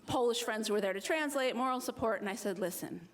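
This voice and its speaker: An American woman in early adulthood telling a personal story at a live slam, animated and self-mocking, acting out the voices of the people she met. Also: fairly high pitch, fast. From United States.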